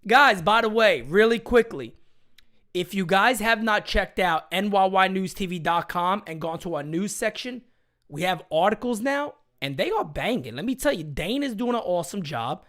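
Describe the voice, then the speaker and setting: A man hosting a live fan chat stream, loud and hyped, ranting and often shouting. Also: high-pitched, expressive, moderate pace.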